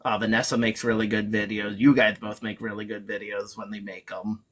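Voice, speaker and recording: A man talks briskly as a reseller guest on a live chat stream, his fairly low voice bright-toned with little pitch movement. He interrupts himself often and leans heavily on fillers as he rambles.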